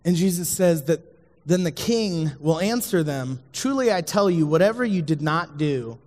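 A man's voice: a little high, moderate pace, a little mellow, in a large hall. A man giving a casual, joking sermon who keeps checking in with his audience.

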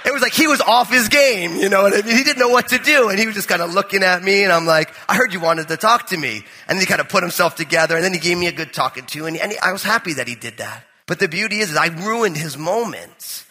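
A high, bright male pastor from New with a husky edge, preaching in a conversational, joking storyteller's manner. His voice rings out with a long reverb in a large church hall. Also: fast, hardly any pauses. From New Jersey. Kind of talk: sermon with personal storytelling.

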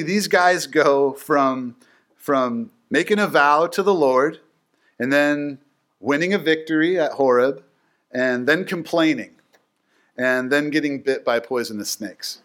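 Guy doing a laid-back bible teaching, animated and chatty, lots of like and you know. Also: fairly high pitch. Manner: animated, chatty storytelling with many fillers.

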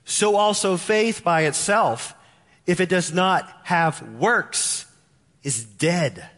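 A man's voice: high voice, slow pace, a bit bright. A man from Texas with a Texan accent, preaching a sermon and repeating key lines with emphasis. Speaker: pastor. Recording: long hall reverb.

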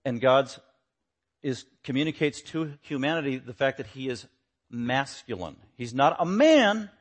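A man preaching a sermon, emphatic, repeating short punchy phrases and swinging between loud declarations and quiet low asides. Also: big pitch swings, measured pace.

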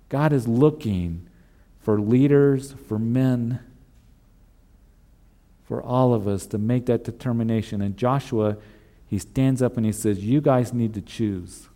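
A man's voice: lowish voice, warm tone. A male pastor preaching a sermon in an earnest way, repeating emphatic refrains.

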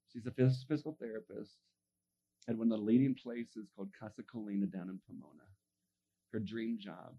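A man's voice: fairly low pitch, dark tone, husky, highs cut off. A male pastor telling a sermon story, acting out the voices in it and laughing often.

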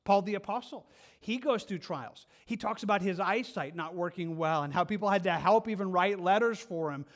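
A man preaching a sermon in an earnest, conversational way, with asides and restarts. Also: sits high. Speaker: pastor.

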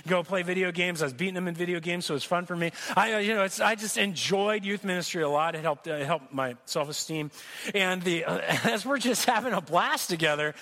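A man preaching a sermon in church, telling jokey stories in an animated way, with asides to the congregation. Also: sits high, fairly quick. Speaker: pastor. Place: church sanctuary.

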